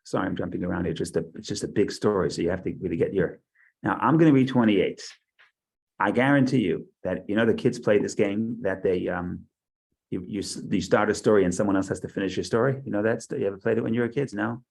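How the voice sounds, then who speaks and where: A man's voice: fairly low pitch, fast talker, vocal fry, a little mellow, rough recording. A man teaching a Bible study class over a video call, thinking aloud with frequent restarts and asides. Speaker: Torah teacher.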